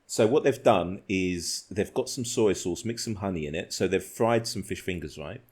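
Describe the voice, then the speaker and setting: Rambling, laughing podcast host, low voice. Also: male voice, moderate pace. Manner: rambling, laughs often, animated storytelling. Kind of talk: casual podcast chat.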